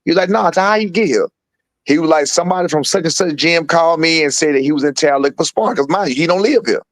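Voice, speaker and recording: Talking rapid-fire, a middle-aged man who is a boxing father and guest storyteller spins casual, slang-heavy tales and animatedly voices the people in them with wide pitch leaps. He repeats "you feel what I'm saying" often. The audio is poor, with no echo.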